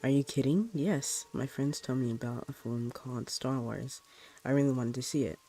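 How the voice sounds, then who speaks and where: A man's voice: mid-range voice, moderate pace, dark tone, close to an everyday voice. A man voicing a frightened young boy who answers plainly and in a hurry.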